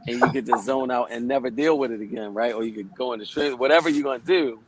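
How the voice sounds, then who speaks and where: Speaking fast at a medium pitch with hardly any pauses, a forty-something yoga teacher tells stories as a guest in a casual radio interview. He's conversational and plainspoken and swears casually. The recording is rough, with a little hiss or hum.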